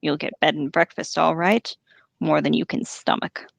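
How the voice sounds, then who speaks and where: A woman voicing a gruff male orc captain who barks harsh, impatient orders in a storybook reading. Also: low-pitched, flat delivery, normal speed, no echo, voice pushed down, heavily acted. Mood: commanding.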